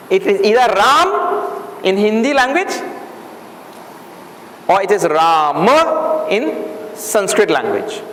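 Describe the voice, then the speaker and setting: A man's voice: extremely high pitch, fairly bright tone. A man teaching a Sanskrit class, patiently explaining and repeating words for the students, asking them questions as he goes. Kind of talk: classroom lecture. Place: classroom or hall. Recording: echoey hall, faint room noise.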